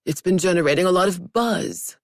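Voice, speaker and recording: Brief: woman reading as a vain male star boss, bossy and dismissive, low gravelly tone, dry close sound. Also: a little fast, no room sound. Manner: commanding, dismissive. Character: vain self-absorbed male celebrity boss.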